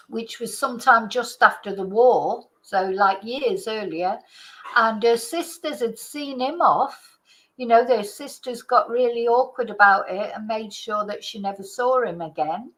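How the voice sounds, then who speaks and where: A woman's voice: on the high side, low-quality recording. An older woman, a channel host chatting through a personal story in a rambling way, full of fillers and restarts. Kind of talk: casual storytelling monologue.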